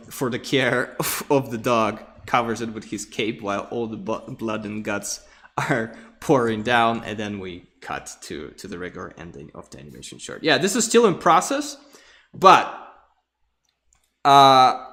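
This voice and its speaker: A man's voice: mid-range voice, a bit bright. A man lecturing who acts out scenes with his own vocal sound effects and repeats words as he searches for them. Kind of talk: storyboard pitch in a lecture.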